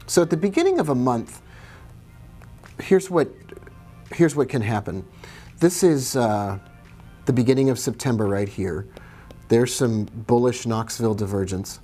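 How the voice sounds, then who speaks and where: A man of middle pitch hosts a live trading stream in a relaxed, chatty way. He greets viewers by name and answers their questions as he talks through the charts. Soft music plays faintly in the background. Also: normal speed, long pauses.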